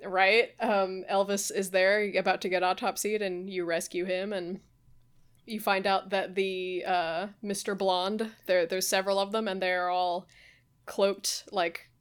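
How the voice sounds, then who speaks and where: A woman's voice: medium pitch, level tone, measured pace, clear, resonant tone. A woman co-hosting a podcast, loosely and profanely retelling a video game's story with amused laughs. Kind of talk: casual chat recapping a video game plot.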